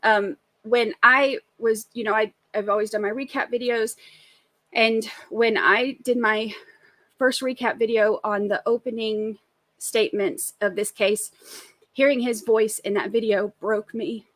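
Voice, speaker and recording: A woman's voice: fairly high pitch, steady tone, a little slow, a bit bright, no room sound. A middle-aged woman, co-hosting a casual live recap show, chatty and emphatic. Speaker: co-host of a trial recap show. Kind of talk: casual live-stream chat.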